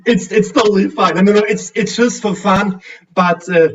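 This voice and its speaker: A man's voice: sits high, fairly even intonation, moderate pace. German-accented man on a distant call. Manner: hesitant, many fillers and restarts. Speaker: guest streamer. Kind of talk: casual video call chat. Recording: distant, dull lo-fi audio.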